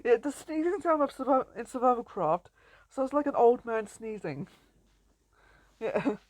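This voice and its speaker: A woman's voice: a little high, lively intonation, a little slow, darkish tone, dry recording. Chatty young woman playing a game. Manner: chatty and playful, often laughing and greeting animals. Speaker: gameplay commentator. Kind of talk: casual let's-play commentary.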